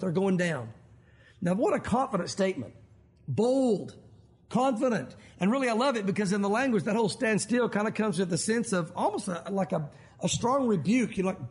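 A middle-aged man preaching a sermon, telling stories and acting out the people he quotes. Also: sits high. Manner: animated storytelling, acting out quoted voices. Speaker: pastor.

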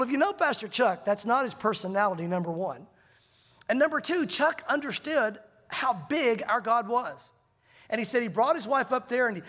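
A man's voice: extremely high pitch, pushed and bright, in a large hall. A man preaching a sermon as pastor, telling stories with animation and acting out the voices of the people he quotes.

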